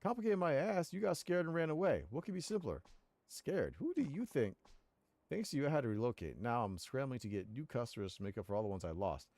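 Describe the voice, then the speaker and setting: A man voicing an indignant male cafe owner who complains loudly and defiantly in a raised, high-pitched voice. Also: sing-song, fairly quick, dry recording. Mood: outraged.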